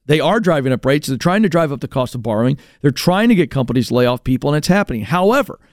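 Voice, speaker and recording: A male radio host giving fired-up talk show commentary, animated and mocking as he mimics others. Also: fairly high pitch, no echo, studio quality.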